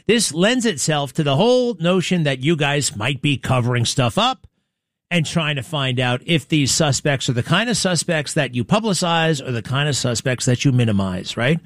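A man's voice: fairly high pitch, lively intonation, normal speed, fairly bright tone, no room sound, studio quality. A man hosting talk radio, giving indignant, combative commentary full of rhetorical questions.

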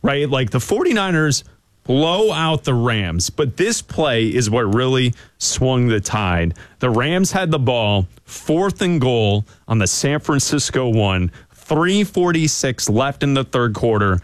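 A man co-hosting a sports radio show, chatty and teasing with his partner and reading promos briskly. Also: mid-range voice, sing-song, no room sound. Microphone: studio microphone.

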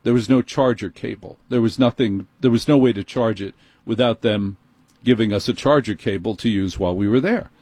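A husky-voiced radio host with a New York accent, close on a studio mic in a dry booth. He tells his story in an animated, indignant way. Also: lowish voice, fairly quick, no echo. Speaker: radio talk show host. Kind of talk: call-in talk radio monologue. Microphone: studio microphone.

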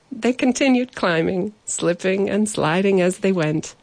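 A woman narrating a children's bedtime story in a gentle storytelling manner. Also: medium pitch, expressive, unhurried, dry recording.

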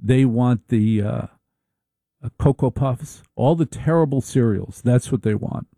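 A middle-aged man hosting a casual, humorous monologue, with a wry, deliberate, drawn-out delivery. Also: mid-range voice, mellow, dry recording.

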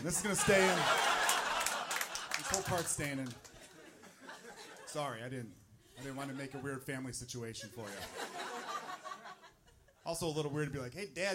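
A man's voice: mid-range voice, brisk, long pauses. A man doing a stand-up set in a comedy club, bantering chattily with the crowd. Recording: noisy live club recording, audience laughter.

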